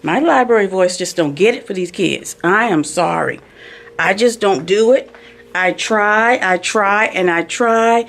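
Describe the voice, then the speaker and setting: Speaking a little slowly in a medium-pitched, somewhat bright voice, a school librarian vlogs casually on a handheld phone. She rambles, chats freely, and interrupts herself.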